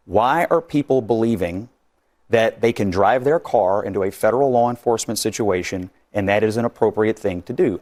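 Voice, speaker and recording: Male TV pundit, steady mid voice, argumentative, rhetorical. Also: mid-range voice. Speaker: political commentator. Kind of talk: TV panel commentary.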